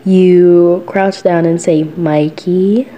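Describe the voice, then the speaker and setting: A woman's voice: fairly low pitch, unhurried, warm tone, highs cut off. A woman casually narrating a fan role-play story, chatty and giggly with many fillers and self-corrections.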